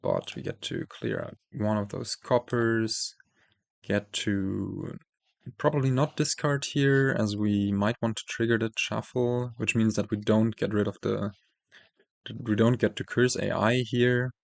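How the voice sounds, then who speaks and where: A man's voice: on the low side, unhurried, gravelly, dry recording. A man commentating his card game, thinking aloud with many fillers and self-corrections, while losing his voice. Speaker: host playing a card game. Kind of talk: casual gameplay commentary.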